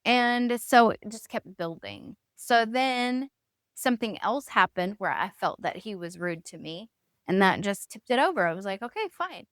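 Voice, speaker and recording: Woman, 30s, candid faith podcast host, animated storytelling, smooth and dry. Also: medium pitch, normal speed, dry recording. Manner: animated storyteller acting out quoted voices.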